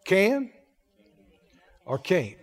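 A man preaching a sermon, asking the congregation question after question in a folksy, animated way. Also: high-pitched, very slow. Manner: folksy, laughs between points. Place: church. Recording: echoey hall reverb.

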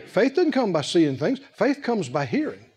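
A man preaching a sermon in an animated, humorous way, laughing often and calling out to the congregation. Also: high-pitched, normal speed.

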